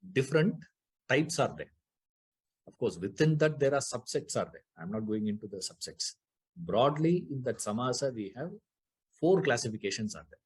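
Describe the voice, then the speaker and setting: Husky man teaching a scripture class. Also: mid-range voice, a little mellow. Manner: asks the class rhetorical questions, repeats key terms. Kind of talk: explaining Sanskrit grammar in a class.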